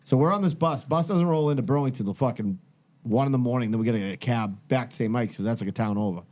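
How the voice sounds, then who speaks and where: A middle-aged man tells a long, profane story in a casual podcast chat. His pitch sits in the middle of the range, and he keeps drifting into side tangents as the story builds. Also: fast. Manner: profane, rambling, animated storyteller. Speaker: podcast host.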